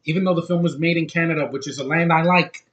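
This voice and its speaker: A man reviews a movie in a casual, rambling way, his slightly high voice bright and fairly even in intonation, captured with lo-fi sound. Blunt and opinionated, he swears freely and speaks haltingly, stumbling through many fillers and restarts.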